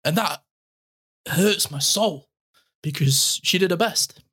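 A man's voice: sits high, slow, pushed and bright, slightly rough. A man in his thirties hosting a podcast in casual chat, speaking in a heartfelt and emotional way, close to tears. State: tearful. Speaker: podcast host.

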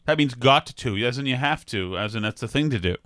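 A man's voice: medium pitch, animated, fairly quick, fairly bright tone, no room sound, studio quality. A man hosting a casual radio talk show, joking and rambling. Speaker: radio host.

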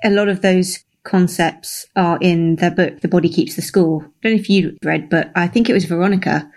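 A co-host in a casual podcast conversation, earnest and upbeat and quick to laugh. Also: mid-range voice, fairly even intonation, a little mellow.

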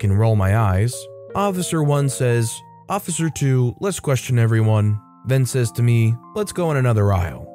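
A man reading posts aloud as a storytime narrator, adding short comments of his own and shifting his pitch a little for quoted lines. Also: mellow. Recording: faint guitar music behind.

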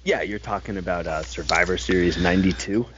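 A man's voice: sits low, a little fast, a bit bright. A man co-hosting a podcast, giving short, dry, wisecracking replies. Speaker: podcast co-host. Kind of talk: casual podcast chat. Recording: dull lo-fi line with clear noise.

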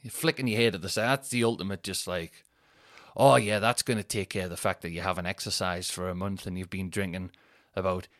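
A man's voice: deep voice, steady tone, a little fast, dry recording, clean studio sound. A man, rambling and swearing through a casual solo podcast chat. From North East England. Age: 30s. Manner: rambling and sweary, thinks out loud. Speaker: podcast host.

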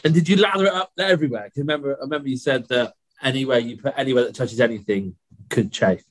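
A man's voice: medium pitch, fast, no echo, low-quality recording. A man co-hosting a podcast, casually chatting and reacting with short, encouraging replies. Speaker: podcast co-host. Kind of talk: casual chat.

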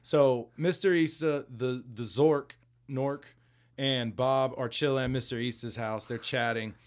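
A man's voice: medium pitch, steady tone, unhurried. A man co-hosting a podcast, casually recapping a comic book in a rambling, profane way, with laughs along the way. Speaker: podcast co-host.

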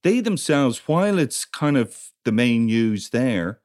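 A man's voice: medium pitch, sing-song, slow pace, a little mellow. A man co-hosting a podcast in casual chat, steering the talk with questions. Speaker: podcast co-host.

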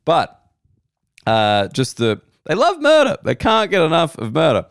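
A man's voice: a little high, wildly swooping pitch, unhurried, vocal fry, clean tone, dry recording, studio quality. An Australian man, a comedian, telling rambling comic stories on a podcast, wry and sweary with frequent restarts.

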